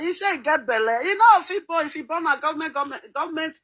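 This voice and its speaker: Nigerian woman vlogger, middle-aged, high-pitched and chatty, laughs a lot. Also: lively intonation, fast, few pauses, sharp tone, low-quality recording. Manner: chatty, laughs often, sings snatches. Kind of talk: casual chat.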